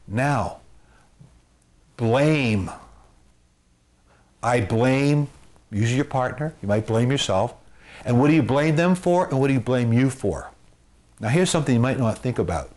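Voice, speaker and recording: A man's voice: medium pitch, lively intonation, measured pace, long pauses. Earnest man coaching with repeated phrases. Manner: gives homespun comparisons. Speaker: marriage and family therapist. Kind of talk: advice talk to camera.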